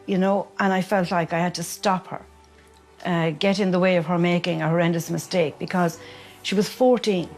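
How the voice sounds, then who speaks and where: A woman's voice: on the low side, steady tone, moderate pace, a little mellow, faint music behind. A woman, a mother, speaking candidly and reflectively in a documentary interview.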